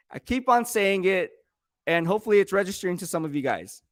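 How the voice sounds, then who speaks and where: A man hosts a casual live-stream sports talk show with a slightly high voice. He presses his points hard, stacking rhetorical questions and repeating himself for emphasis. The recording is dry and close, with no room echo. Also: animated, quick pace. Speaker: sports commentator host.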